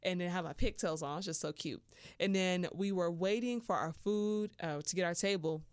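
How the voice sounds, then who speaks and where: Smooth-voiced woman telling a playful story. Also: lowish voice, normal speed, dry recording, studio quality. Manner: animated and playful, with slangy asides and laughter. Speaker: podcast host. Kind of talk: casual personal storytelling.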